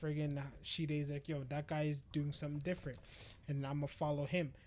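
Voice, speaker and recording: A young adult man co-hosting a podcast, excitedly retelling an episode in casual chat and slipping into quick paraphrased lines for the characters. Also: a little high, a little hiss or hum. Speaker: podcast co-host.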